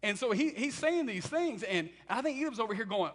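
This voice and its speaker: A man preaching a sermon, telling the story in an animated way and acting out what people say. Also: extremely high pitch, fairly quick.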